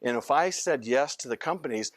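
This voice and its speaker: An older man lecturing as a physician in a loose, story-driven way, wandering off mid-sentence and circling back. His pitch sits in an ordinary middle range. The sound is dry and close, with no room echo. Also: expressive, fairly quick. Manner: rambling, anecdotal, often breaks off and restarts sentences. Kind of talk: informal training lecture.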